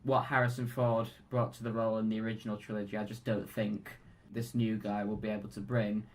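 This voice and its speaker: A man co-hosting a film podcast, calm and measured, weighing opinions and leading into the next segment. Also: fairly low pitch, a little hiss or hum. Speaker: podcast co-host. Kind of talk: casual film chat.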